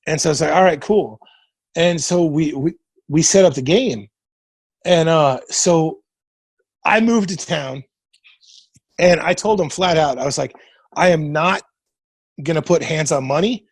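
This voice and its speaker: A husky, slightly breathy man of about forty, from Nebraska, with a fairly high voice for a man. He tells stories casually and swears freely, slipping into the voices of the people he quotes. The sound is dry and close, with no room echo. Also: measured pace, long pauses. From Nebraska, USA. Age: 40s. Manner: profane, retells events by acting out quoted dialogue. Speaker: podcast guest. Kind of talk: casual storytelling.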